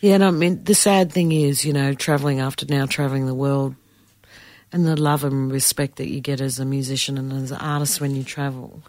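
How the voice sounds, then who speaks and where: Low-voiced woman telling stories. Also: fairly quick, dry recording. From Australia. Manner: animated storyteller, acts out voices and laughs. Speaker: musician guest. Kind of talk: casual storytelling interview.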